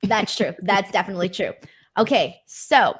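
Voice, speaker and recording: A woman's voice: mid-range voice, normal speed, breathy edge. A woman hosting a casual wrestling recap, chatty and enthusiastic, with plenty of filler words. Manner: chatty, enthusiastic, lots of likes. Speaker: host.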